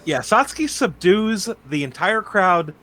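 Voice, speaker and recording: A man co-hosts a podcast and gushes about an anime. His voice sits somewhat high for a man. He talks with casual enthusiasm and drops the odd swear. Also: big pitch swings, unhurried, a bit bright. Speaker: podcast co-host.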